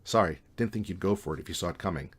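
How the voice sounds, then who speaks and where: A man's voice: sits low, quick pace, slightly rough. Storybook sidekick, young man, eager and reckless, read by a man. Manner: upbeat, impulsive.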